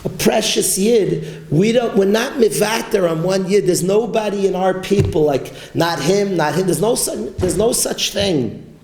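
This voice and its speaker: A man gives a fervent Torah class to a study group, hammering his points home through repetition. His voice sits high for a man, and the room carries a clear echo. He drops in Yiddish and Hebrew words as he teaches. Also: a little slow, darkish tone, a little hiss or hum. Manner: impassioned, repetitive, mixes Yiddish and Hebrew terms. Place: study hall with a learning group.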